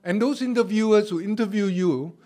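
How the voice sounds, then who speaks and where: A man preaching a sermon in a conversational way, often asking "all right?" and laughing at himself, swinging between loud emphatic lines and soft trailing asides. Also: sits high, a little fast. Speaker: pastor.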